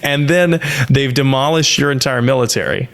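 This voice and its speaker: A man's voice: medium pitch, normal speed, fairly bright tone. Thoughtful male lore co-host. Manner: explanatory, thoughtful, modest. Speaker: podcast co-host, lore expert. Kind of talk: casual podcast chat.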